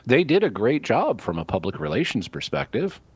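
A man on a call-in radio show, explaining answers to callers in a measured way, drawing out key words. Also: mid-range voice, huge pitch swings, breathy edge, dry recording. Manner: explanatory, measured, drawn-out stresses. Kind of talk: live call-in radio talk.

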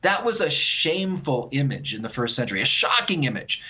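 Appearing as a guest author on a call-in radio show, a man speaks earnestly and with energy, a touch fast, in a mid-range voice, often repeating words while he works through his thoughts.

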